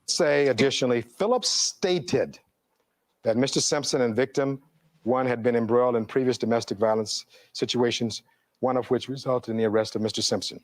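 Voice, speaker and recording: A man's voice: mid-range voice, little pitch movement, brisk, no echo, studio quality. A middle-aged man, a defense attorney giving a courtroom closing argument, reading testimony aloud and posing rhetorical questions in an oratorical way.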